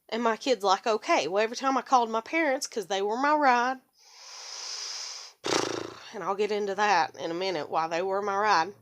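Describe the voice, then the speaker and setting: A woman's voice: fairly high pitch, a bit bright. A young adult woman talking in a casual personal monologue, venting her frustration in a rambling, profane way. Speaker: vlogger.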